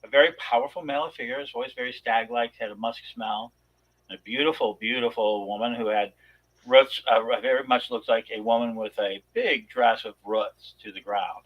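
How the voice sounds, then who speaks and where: A man chatting casually on a talk show, spinning an animated personal story full of restarts and asides. His voice sits at an ordinary pitch. The recording is dull and lo-fi. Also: normal speed. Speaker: podcast co-host.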